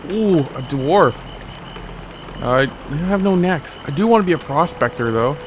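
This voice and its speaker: A man's voice: medium pitch, fairly bright tone, a little hiss or hum. Joking man doing gameplay commentary. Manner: joking, rambling, self-mocking asides. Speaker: let's play host.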